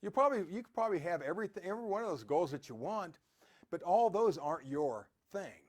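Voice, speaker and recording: Animated, high-voiced man giving motivational talk. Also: fast talker. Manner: animated, rambling storyteller.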